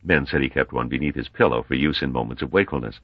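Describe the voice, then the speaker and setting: Very deep-voiced male audiobook narrator. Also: fast talker, husky, no room sound, dull audio. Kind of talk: scripted narration.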